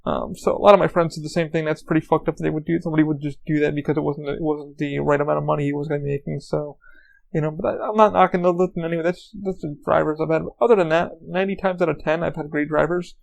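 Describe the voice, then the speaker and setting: A man's voice: fairly high pitch, gravelly. A man hosting a podcast, telling rambling, profane anecdotes in a casual monologue. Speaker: podcast host.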